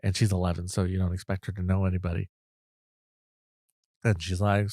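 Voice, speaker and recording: A man's voice: low voice, normal speed, long pauses, darkish tone, dry recording. Rambling self-deprecating man, dry close sound. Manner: rambling, self-deprecating storytelling with many restarts. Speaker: podcast host. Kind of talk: casual anecdote.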